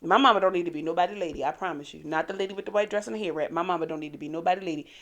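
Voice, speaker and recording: A woman, co-hosting a podcast in candid casual chat, blunt and profane, telling animated stories. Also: fairly low pitch, rapid-fire, dull audio. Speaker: podcast co-host.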